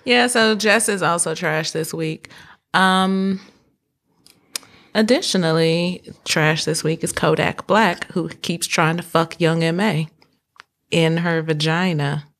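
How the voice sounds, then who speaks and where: A woman's voice: fairly low pitch, slow pace, a bit bright. A woman co-hosting a casual chat podcast, telling gossip with a sarcastic edge. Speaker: podcast co-host.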